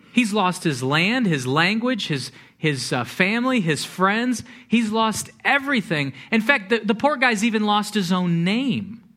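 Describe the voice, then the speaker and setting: A male pastor with a fairly high voice delivers a lively sermon to his congregation. He stumbles and repeats words in spots and slips into quick acted-out voices for the people in his story. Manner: animated preaching with repeated words and quoted asides.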